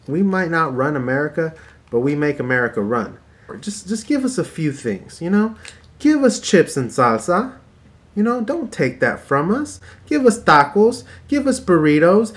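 A man's voice: on the high side, fairly bright tone. Exasperated ranting man. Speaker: vlogger. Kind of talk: casual vlog rant.

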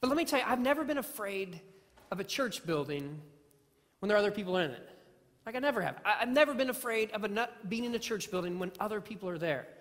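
A man's voice: high-pitched, animated, fast, a bit bright. A man preaching a sermon in a church, earnest and self-deprecating as he tells stories, often restarting words. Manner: repeats phrases and restarts words. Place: church sanctuary. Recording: long hall reverb.

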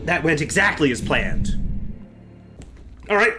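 High, animated screaming game streamer man. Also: moderate pace, over music. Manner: screams and swears in panic, then dry jokes; theatrical outbursts. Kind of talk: live gameplay commentary.

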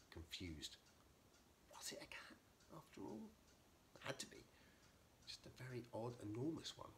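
A man reading a children's storybook aloud as the narrator, lively and expressive. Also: lowish voice, gravelly, a little hiss or hum. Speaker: narrator, author.

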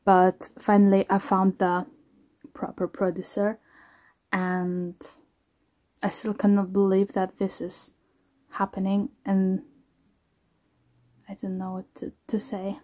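A woman, a singer, talking casually to camera in a reaction vlog, halting, restarting and trailing off as she reflects. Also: medium pitch, completely flat delivery, warm tone.

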